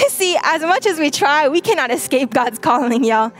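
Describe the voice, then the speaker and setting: A woman's voice: sits high, moderate pace, few pauses, soft background music. A young adult woman preaching a sermon to a congregation, emphatic and direct, repeating her key lines. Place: church stage.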